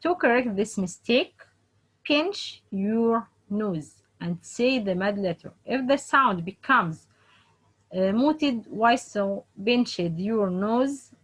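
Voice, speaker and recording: A woman teaching Quran recitation rules in a halting way, with many fillers and restarts, slowly modelling example words again and again. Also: a little high, expressive, husky, rough recording. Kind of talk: online tajweed lesson.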